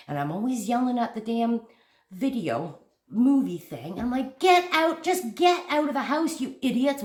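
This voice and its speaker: A woman hosting a crochet channel, telling a story to camera in a casual, animated and jumpy way, laughing at herself. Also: a little high. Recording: echoey room.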